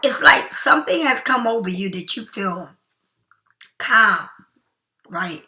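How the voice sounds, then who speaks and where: A middle-aged woman giving a casual tarot reading, chatty and emphatic, sometimes slowing into soft whispers. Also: medium pitch, animated. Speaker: tarot card reader.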